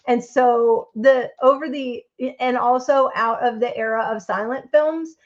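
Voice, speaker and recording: A woman's voice: on the high side, lo-fi sound. Chatty woman hosting a live stream. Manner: chatty, rambling, reads out chat votes. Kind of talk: casual live-stream chat.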